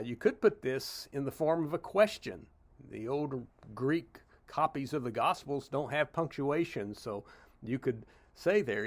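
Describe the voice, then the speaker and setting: Conversational pastor teaching Bible study. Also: male voice, medium pitch. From Tennessee, US. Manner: conversational, with frequent "uh" and "you know" asides.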